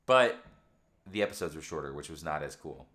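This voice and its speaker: A young man with a low, deep voice chats casually with viewers on a late-night home livestream. He rambles with excited fan energy, and his pitch jumps up when he gets worked up. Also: brisk. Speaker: livestream host. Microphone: camera microphone.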